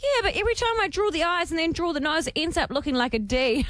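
A woman's voice: very high voice, animated, fast talker, fairly bright tone, slight background noise. A woman co-hosting a radio show, chatting, laughing often and reading listener texts aloud. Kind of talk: casual radio banter.

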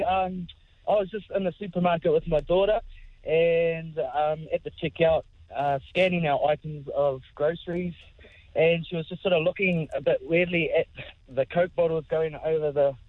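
A man's voice: a little high, fairly even intonation, measured pace, dry recording, phone-quality sound. A man calling into a radio show, telling a story hesitantly with many ums. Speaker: caller.

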